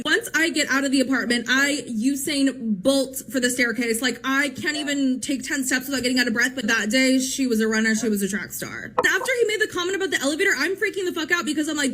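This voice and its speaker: A young woman telling a dramatic story in casual chat, animated and swearing freely, acting out what people said. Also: high-pitched, quick pace, hardly any pauses. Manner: animated, swearing, acts out quotes.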